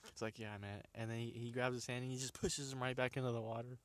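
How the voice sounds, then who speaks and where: A man's voice: medium pitch, flat delivery, fast. A young man casually retelling funny videos, rambling with restarts, laughing often and using plenty of slang. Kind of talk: casual storytelling chat.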